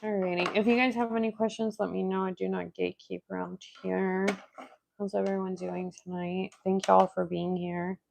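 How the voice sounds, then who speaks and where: A woman's voice: mid-range voice, little pitch movement, moderate pace, gravelly, noisy background. Congested woman chatting on a livestream. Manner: chatty, greets viewers by name. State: congested from a cold. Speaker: livestream host doing nail art. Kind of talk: casual livestream chat with viewers.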